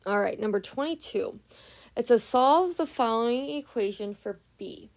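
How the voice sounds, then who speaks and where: Sounding worn out at this early hour, a young woman walks through a math lesson in a relaxed, patient manner, breaking it into steps and frequently asking "right?" to make sure people keep up. She pitches on the high side, animated, at a normal speed.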